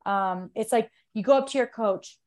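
A woman's voice: on the high side, moderate pace, darkish tone. Earnest woman talking things through. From United States. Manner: earnest, talks things through in long run-on thoughts. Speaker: guest, jiu-jitsu athlete. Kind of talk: casual conversation.

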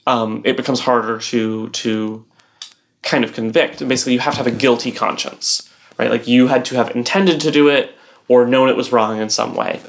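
A woman's voice: a bass voice, steady tone, normal speed. Rambling young woman co-hosting a podcast. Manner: rambling explainer, heavy use of "like" and "um". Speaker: podcast co-host. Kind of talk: casual podcast chat.

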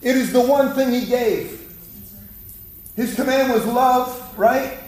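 A man's voice: very high-pitched, slow pace, a little mellow. A man preaching a fiery sermon in a church, exhorting the congregation and calling for their response. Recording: echoey hall, mic from far off.

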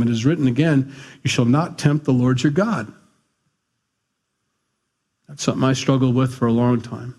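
A middle-aged male pastor preaching a conversational, animated sermon with asides. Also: mid-range voice.

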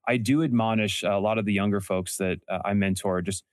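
Young male guest, lowish pitch, dry close mic, earnest, restarts sentences. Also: steady tone, dry recording. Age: young adult. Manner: earnest storytelling, quick self-corrections. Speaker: podcast host and entrepreneur guest. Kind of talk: casual interview talk.

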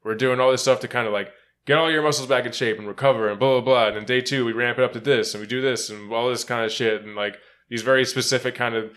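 A man with a bright, forward voice riffs through a casual sports chat. He laughs often and swears freely while he tells his stories. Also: mid-range voice, fast talker. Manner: laughing, swearing, animated storytelling. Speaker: podcast co-host.

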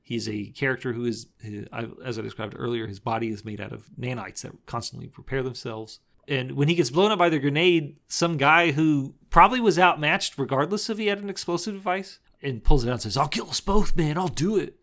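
A man's voice: medium pitch, a little fast, vocal fry, few pauses, fairly bright tone. A man co-hosting a podcast, casually retelling a movie's plot with frequent laughs and rambling asides. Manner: rambling, laughs often while retelling scenes. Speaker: podcast co-host. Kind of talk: casual movie recap chat.

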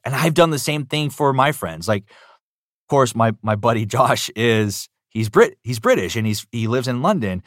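An upbeat man talks as a voice actor in an interview, animated and chatty, leaning on casual fillers. His voice sits in an ordinary middle register. The sound is dry and close, with no room echo. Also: mid-range voice, moderate pace. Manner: upbeat, animated, lots of fillers like "you know". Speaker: voice actor guest. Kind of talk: enthusiastic interview answers.

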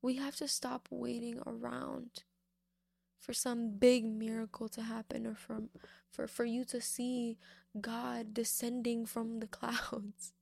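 Woman, young adult, devotional Bible talk, somewhat high voice, dry sound, informal and repetitive for emphasis. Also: flat delivery, slow pace, creaky, a little mellow, no echo. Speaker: faith speaker.

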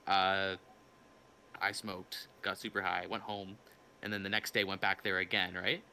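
A man's voice: deep voice, flat delivery, a little slow, creaky, pushed and bright, a little hiss or hum. A young man hosting a casual podcast, telling a rambling, profane story with restarts. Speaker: podcast host.

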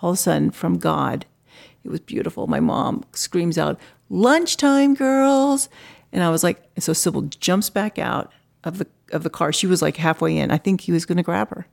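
Middle-aged woman, interview guest, chatty and filler-heavy, a bit of fry in the voice. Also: sits low, steady tone, fairly quick. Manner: chatty, lots of "you know" fillers, acts out quoted voices. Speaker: artist guest. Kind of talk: casual interview storytelling.

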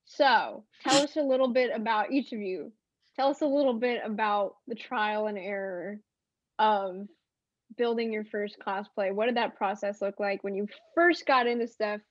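A woman's voice: medium pitch, normal speed, dry recording, dull audio. A woman hosting a casual chat show, upbeat and asking rambling questions. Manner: upbeat, asks questions in rambling run-on sentences. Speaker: podcast host.

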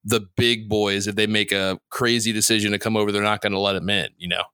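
A man with a fairly low voice and a bright, forceful tone, hosting a laid-back sports podcast. He talks bluntly and swears without a second thought. The sound is dry and close. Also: level tone, fast, clear, resonant tone, no echo. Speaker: podcast host. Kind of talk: casual sports chat.

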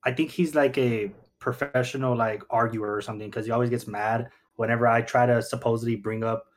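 A man's voice: medium pitch, steady tone, fairly quick. Young man hosting a casual podcast. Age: young adult. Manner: swears often, laughs easily; mentions a stutter. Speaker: podcast host.

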